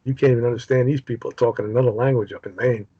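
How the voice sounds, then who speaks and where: A man's voice: medium pitch, fairly even intonation, rapid-fire, warm tone, breathy edge, dry recording. A man with a New York accent leading a casual Bible study over a video call, chatty and joking, with lots of fillers. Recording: dull video-call audio.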